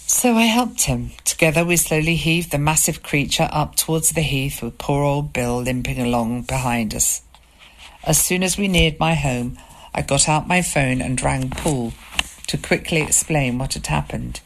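Low-voiced woman narrating a story. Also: normal speed. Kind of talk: first-person story narration.

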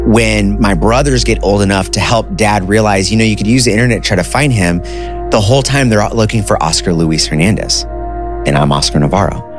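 A man in his thirties telling a personal story in a casual, animated, conversational way. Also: lowish voice, brisk, music in the background. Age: 30s. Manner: animated, conversational, says dude and like.

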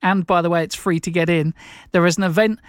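A man hosting a local radio show, chatting casually between songs. His delivery is informal, with frequent fillers and quick self-corrections. The studio microphone sound is close and dry. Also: sits high, fairly even intonation, smooth, dry recording. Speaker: radio presenter.

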